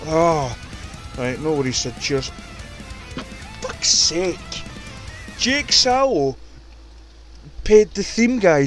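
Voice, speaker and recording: Brief: man, game commentator, high-ish voice, excitable and sweary, faint music behind. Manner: excitable, profane, ranting. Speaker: commentator and show runner. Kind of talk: casual video game commentary.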